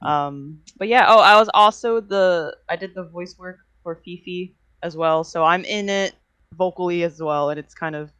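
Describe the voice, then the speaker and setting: A woman's voice: lowish voice, normal speed, a bit bright, clean tone, no room sound, lo-fi sound. Giggly young woman rambling on a call. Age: young adult. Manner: giggly, rambling, self-deprecating. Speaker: animation student and director. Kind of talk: casual video-call interview.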